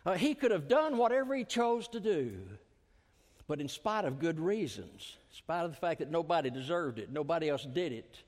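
A man preaching a sermon as a pastor, swinging his voice up for emphasis and dropping it low and slow at the ends of phrases. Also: lively intonation, darkish tone. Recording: long hall reverb.

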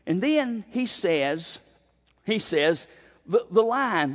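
A male pastor preaching a sermon, emphatic, with sudden swings in pitch and pace. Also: very animated, unhurried, fairly bright tone. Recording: dull sound with long hall reverb.

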